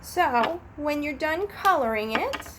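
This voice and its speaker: A woman with a high, light voice walks through a craft demonstration for children and their parents at home. She is gentle and patient, explaining each step slowly and unhurriedly. A faint hiss sits under her voice. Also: expressive.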